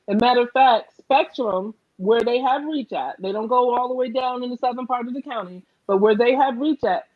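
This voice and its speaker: Earnest woman with a New Jersey accent, a candidate on a panel, a bit high-pitched, slightly muffled line. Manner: earnest, emphatic, says "right?" often. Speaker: political candidate. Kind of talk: online panel conversation.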